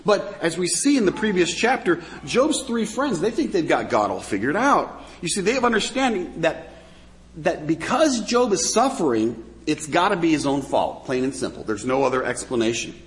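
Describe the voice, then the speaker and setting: A man's voice: on the high side, big pitch swings, normal speed, in a large hall. A man giving a conversational sermon as a pastor, with sarcastic asides.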